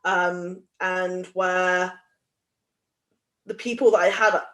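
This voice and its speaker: A young woman from Somerset in England talks as a guest on a live show. Her delivery is loose and chatty, laced with self-deprecating asides and filler words, at an ordinary pitch. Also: little pitch movement, slow pace, fairly bright tone. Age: young adult. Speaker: guest speaker. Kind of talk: casual talk.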